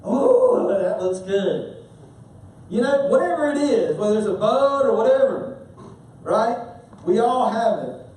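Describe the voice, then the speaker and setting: A man preaching a sermon as a pastor, telling stories with animated humor. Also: very high voice, normal speed. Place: church sanctuary. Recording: echoey church hall from far off.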